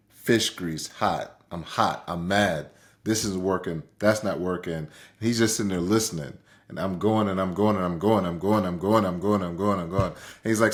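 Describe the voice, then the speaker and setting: A man co-hosting a casual talk show, animated and repeating words for emphasis. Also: sits low, moderate pace. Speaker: podcast co-host. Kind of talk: casual conversation.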